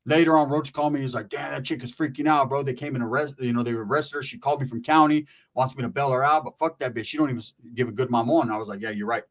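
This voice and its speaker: A man's voice: mid-range voice, quick pace, hardly any pauses. A middle-aged man telling a story and giving commentary as a channel host, casual and profane, full of streetwise slang and emphatic asides.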